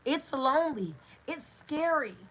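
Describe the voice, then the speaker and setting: A woman giving a motivational talk with a bright, forceful edge to her voice. She takes her time, stacking short phrases one after another. Her voice sits a little high for a woman. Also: expressive, a little slow, rough recording. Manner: emphatic and repetitive, building phrases in lists. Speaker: host of an inspirational show; birth coach for expectant mothers.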